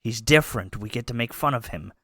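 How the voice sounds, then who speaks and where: A man's voice: medium pitch, lively intonation, quick pace, pushed and bright, dry recording, clean studio sound. A man co-hosting a podcast, chatting casually, joking and laughing often. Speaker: podcast co-host.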